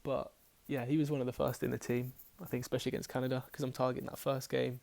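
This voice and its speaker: With a creaky, slightly mellow, medium-pitched voice, a man talks fast in a flat delivery about his fantasy football team. His chatty picks discussion rambles, includes self-corrections, and features casual swearing.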